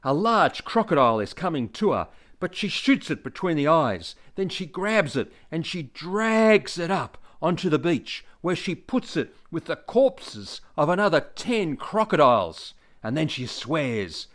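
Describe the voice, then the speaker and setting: Aussie grandad in his sixties, lively dad-joke teller. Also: on the high side, measured pace, hardly any pauses. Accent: Australian. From Australia. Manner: chuckles at own jokes, animated delivery. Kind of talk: recorded dad-joke telling.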